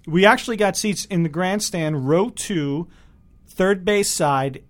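A man's voice: sits high, a little slow. A man hosting a comedic radio show, chatty and folksy, talking to his listeners. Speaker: fill-in radio host.

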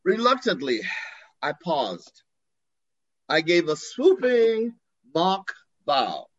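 A man's voice: high voice, slow pace, dry recording. Older guy on a video call from his porch, storytelling all dramatic, dull dry audio. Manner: expressive, theatrical. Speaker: guest. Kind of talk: storytelling in an interview. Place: home porch.

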